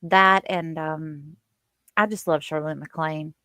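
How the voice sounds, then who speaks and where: A woman's voice: low voice, fairly even intonation, slow, a bit bright, clear, resonant tone, no echo, studio quality. Chatty woman hosting a livestream. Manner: chatty, reads viewer comments aloud. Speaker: livestream host. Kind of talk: casual live commentary.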